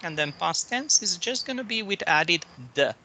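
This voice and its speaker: A man's voice: sits high, expressive, moderate pace, bright, forceful tone, a little hiss or hum, rough recording. A man teaching pronunciation in an online one-to-one English lesson, explaining patiently step by step over a video call. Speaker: English tutor.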